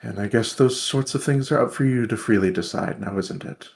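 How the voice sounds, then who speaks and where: A man doing a soft-spoken earnest knight. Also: medium pitch, a little fast, vocal fry, a little hiss or hum, natural voice. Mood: teasing. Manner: gentle, earnest, courtly. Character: armored male knight guard, playful yet sincere.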